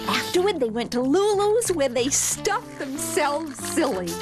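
Brief: woman storyteller reading a picture book, slow and very animated, faint music under. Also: high-pitched. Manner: expressive, deliberate. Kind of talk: children's storybook read-aloud.

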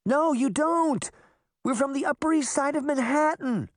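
A man's voice: very high voice, moderate pace, dry recording, clean studio sound, pitched above the performer's own voice. A man voicing an anxious, bossy older sister in an audiobook. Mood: urgent. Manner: urgent and scolding. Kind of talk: audiobook character voice.

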